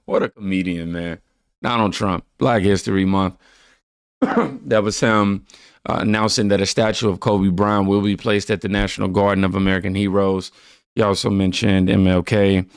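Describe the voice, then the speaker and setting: A man's voice: deep voice, flat delivery, normal speed, clean tone, no echo, clean studio sound. A man hosting a reaction channel, laid-back, reading viewer comments aloud and riffing on them.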